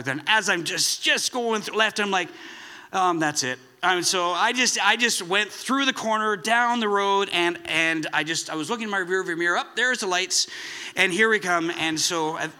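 A man's voice: high voice, moderate pace, few pauses, bright, forceful tone. A man preaching a sermon in a chatty, self-deprecating storytelling way, with many restarts. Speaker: pastor.

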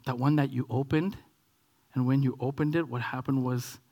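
A man in his forties from Canada preaching a sermon, telling a childhood story with animated acting-out, dropping to whispers and rising to high excited bursts. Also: normal speed. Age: 40s.

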